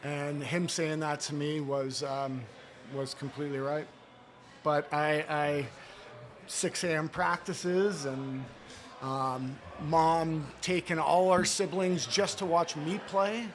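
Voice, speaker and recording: A former hockey player from Toronto, Canada, tells personal stories in a casual interview chat recorded in a studio inside a sports bar, speaking earnestly and heartfelt with fillers. His voice is on the high side with fairly even intonation and a slow pace, and there's a little hiss or hum.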